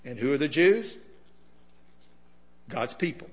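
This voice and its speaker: A man's voice: medium pitch, lively intonation, slow pace. A man preaching a sermon in a conversational way, often putting questions to his listeners.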